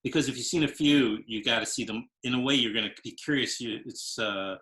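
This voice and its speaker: A man's voice: medium pitch, a little fast, sharp tone. A man in his fifties hosting an interview show, talking in long, rambling, hesitant sentences with many restarts. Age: 50s. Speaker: show host. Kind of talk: interview conversation.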